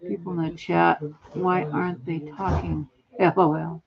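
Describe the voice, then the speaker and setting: A woman's voice: fairly low pitch, flat delivery, normal speed, vocal fry, crowd noise. A woman in her sixties chatting at home on a phone live stream, rambling from one topic to the next. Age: 60s. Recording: dull lo-fi phone audio.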